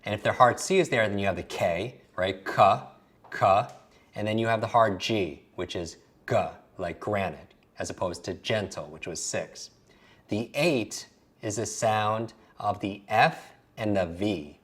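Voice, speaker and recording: A man's voice: on the low side, a little slow, fairly bright tone. Man coaching, drilling sounds aloud. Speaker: memory coach. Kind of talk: recorded lesson.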